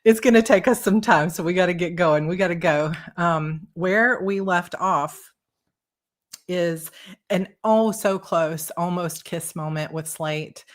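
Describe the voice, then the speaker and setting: This woman, an author, talks to her listeners with excitable, bubbly energy and quick restarts, then moves into a live reading of her novel. Her voice is on the lower side.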